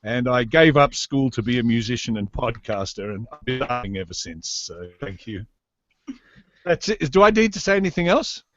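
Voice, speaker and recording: A man's voice: mid-range voice, very animated, normal speed, no echo. An Australian man, a podcaster, joking and rambling in a self-mocking way on a video call. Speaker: podcaster guest. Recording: dull lo-fi call audio.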